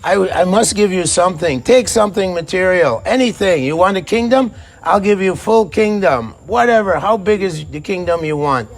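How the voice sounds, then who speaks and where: A man's voice: high-pitched, animated, normal speed, few pauses, pitched above the performer's own voice. Doing a storyteller's voice, a man plays a commanding divine lord who speaks emphatically. His tone is raised well above his usual one and keeps repeating and pressing. He sounds generous and sure of himself. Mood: insistent.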